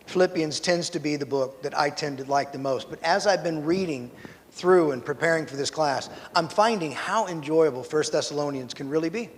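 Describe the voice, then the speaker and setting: A man with a high, bright voice leads a church Bible class, telling stories and poking fun at himself before rising into a preachy, animated push. His voice rings with a long hall reverb over a faint room hum. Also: moderate pace. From rural Missouri, USA. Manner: animated storyteller, self-deprecating asides, rises to preachy emphasis.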